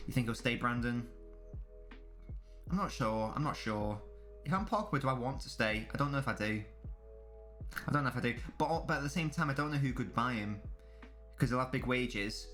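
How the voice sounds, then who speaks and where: A man's voice: mid-range voice, a bit bright. Man commentating a match live. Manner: casual banter with chat, swearing. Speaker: streamer.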